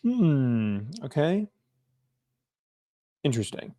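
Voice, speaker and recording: A man casually commenting on political news, reading articles aloud in quick bursts and then stopping for drowsy, low-key asides. His pitch sits in the middle of the usual male range, and he yawns from time to time. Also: very animated, dark tone.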